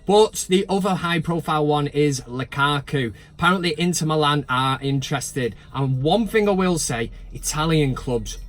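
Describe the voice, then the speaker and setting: Sweary, animated fan-channel host. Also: male voice, fairly high pitch, moderate pace, hardly any pauses. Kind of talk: ranting casual vlog.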